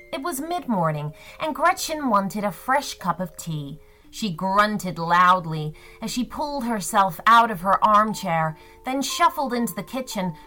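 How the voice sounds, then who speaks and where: A woman narrating a children's story in an expressive, sing-song storytelling way. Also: mid-range voice.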